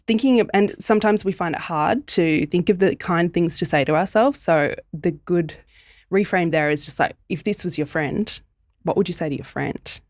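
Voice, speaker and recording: A woman's voice: on the low side, moderate pace, dry recording. A woman co-hosting a podcast who explains ideas step by step and laughs often. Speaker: podcast co-host, body image expert. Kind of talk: casual podcast chat.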